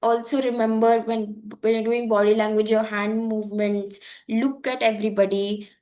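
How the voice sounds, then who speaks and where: Young woman instructor, slightly high voice, chatty online poetry class delivery with fillers. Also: level tone, moderate pace, a little mellow. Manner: conversational, many fillers and restarts. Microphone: online call microphone.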